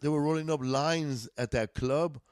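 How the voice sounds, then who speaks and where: A man's voice: fairly high pitch, moderate pace, a little mellow, dry recording. A man from East Los Angeles, a comedian guest, telling stories in a loose, profane, laughing way in a casual chat. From East Los Angeles, USA. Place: indoors, podcast studio.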